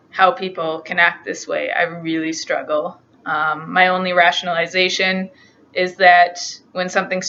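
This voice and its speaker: Young woman vlogger, earnest and emotional, bright tense voice, dull lo-fi audio. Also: fairly low pitch. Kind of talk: personal confessional vlog.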